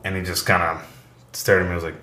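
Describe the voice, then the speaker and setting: A man's voice: low voice, flat delivery, fast, pushed and bright. A man telling a rambling, profane story in casual podcast chat. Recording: echoey room.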